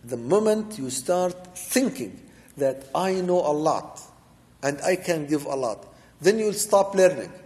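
Warm-voiced man preaching in a reverberant hall. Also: on the high side, big pitch swings, measured pace. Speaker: sheikh teaching Quran commentary. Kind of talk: religious lecture explaining verses.

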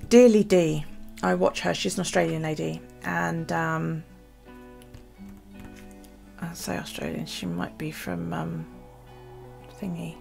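A woman chatting casually about her journal and her chores, rambling with many pauses and ums. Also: medium pitch, vocal fry, darkish tone, faint music behind. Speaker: journaling vlogger. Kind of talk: casual chat.

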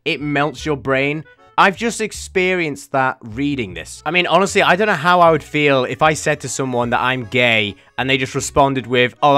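A man's voice: on the high side, bright, forceful tone. A young man giving sarcastic, mocking reaction commentary as a YouTube host. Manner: sarcastic, mocking, often laughing.

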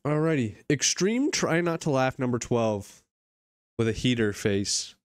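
A man streaming himself reacting to video clips, with animated, exclaiming reactions. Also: mid-range voice, unhurried, clean tone, no room sound.

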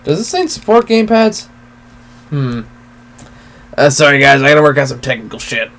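A man's voice: on the high side, big pitch swings, moderate pace, a bit bright. A man hosting a let's play at home, reclining in his chair and giving casual, laid-back commentary with frequent swearing as he thinks aloud.

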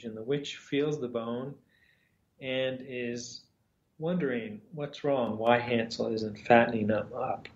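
Slow, halting male storyteller. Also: mid-range voice, darkish tone. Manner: slow and halting, with long pauses and fillers. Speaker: storyteller and teacher. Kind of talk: storytelling in a lesson. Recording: roomy, slightly dull sound.

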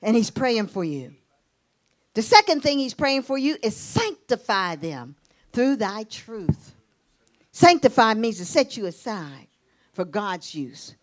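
A middle-aged woman preaching a sermon, telling stories lively with laughter and sudden rising exclamations. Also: on the high side, slow. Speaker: pastor.

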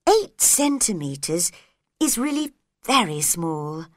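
A woman's voice: on the low side, big pitch swings, takes it slowly, no room sound, clean studio sound. A woman voicing a polite, puzzled little girl in a storybook reading, earnest and courteous.

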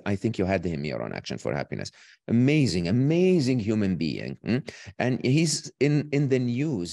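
A man speaking as a guest who explains ideas in an animated way and often checks in with "okay?" and "right?". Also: deep voice, no echo, clean studio sound. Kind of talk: explaining ideas in an online talk.

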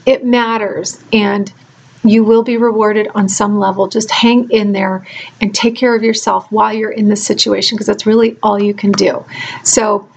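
A middle-aged woman vlogger speaking gently and earnestly to caregivers, emotional and close to tears. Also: medium pitch, little pitch movement, normal speed, vocal fry, slight background noise. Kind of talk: heartfelt direct-to-camera talk.

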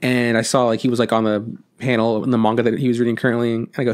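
Fast-talking man in casual podcast chat. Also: mid-range voice, level tone. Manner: fast, swearing, acting out quoted lines. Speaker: podcast co-host.

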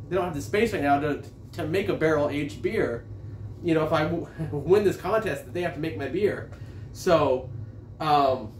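A man rambles through a long story, tripping over his words and swearing freely as he reviews a beer. His voice sits a bit higher than most men's. It sounds distant from the mic, in a roomy, echoing space. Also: slight background noise. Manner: rambling, stammering, profane storytelling. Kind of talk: casual rambling vlog. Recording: echoey room, distant from mic.

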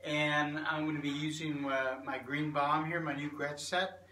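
A man giving a casual drum lesson in a relaxed, halting way, with many fillers. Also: on the high side, distant mic, slight background noise. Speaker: drum teacher. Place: room with drum set. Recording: roomy, from off-mic, loud drums.

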